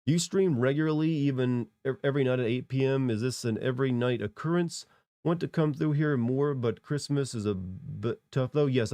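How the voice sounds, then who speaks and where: Stuffy-nosed guy rambling to his stream chat, medium pitch, dry close mic. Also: dark tone, dry recording. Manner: rambling, answers chat with fillers. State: congested from a cold. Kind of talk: casual live-stream chat.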